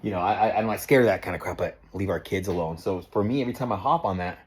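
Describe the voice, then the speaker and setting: A husky, fast, low-pitched male voice belongs to a motorcycle owner in his forties who vlogs. He rants through a heated, profane monologue, tripping over repeated words and tacking "man" onto his lines. When he gets worked up, he repeats and restarts words.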